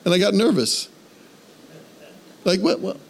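Pitched high and unhurried, with noticeable vocal fry, a male preacher spins an animated, self-mocking anecdote. His sermon swells toward a fervent plea for faith.

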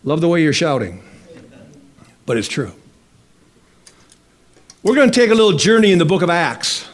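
A pastor delivers his sermon from the pulpit in a high, light voice. He leans into each phrase, slowing right down to stress the words that matter and throwing questions out to the congregation. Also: big pitch swings. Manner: slow emphatic preaching with drawn-out phrases and calls to the congregation.

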